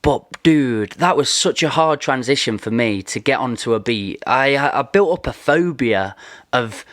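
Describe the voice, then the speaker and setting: Male podcast host, mid-pitch, eager chatty delivery with laughs and restarts, dry close sound. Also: expressive, a bit bright, dry recording. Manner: enthusiastic, laughs often, quick asides. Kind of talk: casual interview chat.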